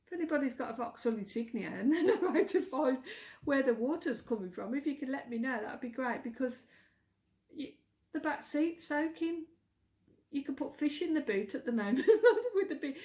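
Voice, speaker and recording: A woman's voice: sits high, a little mellow. A middle-aged woman with a Birmingham accent, vlogging in a chatty way, giggling and stumbling over words. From England. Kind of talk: casual chat.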